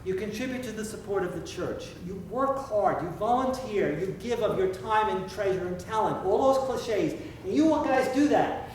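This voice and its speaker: A male pastor giving a conversational sermon, asking the congregation questions and slowing down for emphasis. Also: sits high, expressive, darkish tone, slight background noise. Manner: conversational preaching, slows for emphasis, asks questions. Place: church sanctuary. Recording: echoey church heard from a distance.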